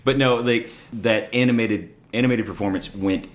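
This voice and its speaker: A man hosting a comedy podcast and running a tabletop game, animated and breaking into loud, laughing outbursts. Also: lowish voice, moderate pace. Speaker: podcast host and game master. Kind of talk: casual comedic chat.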